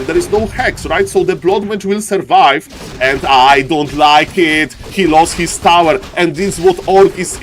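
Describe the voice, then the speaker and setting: A man with a thick Polish accent commentates a live esports match from a home stream, animated and chatty with his viewers. His voice sits a little high for a man. A faint hiss runs behind him. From Poland. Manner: animated, repeats "ladies and gentlemen", jokey asides. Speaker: esports caster.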